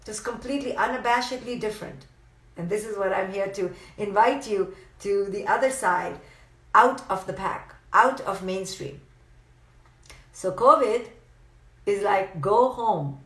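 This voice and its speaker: A woman's voice: medium pitch, unhurried, fairly bright tone. A woman psychologist delivering an impassioned, emphatic motivational monologue on a livestream, repeating phrases for effect and acting out the voices of people she describes. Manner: emphatic, repetitive, acts out quoted voices. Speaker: psychologist giving a live motivational talk. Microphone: phone or webcam livestream. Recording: echoey room.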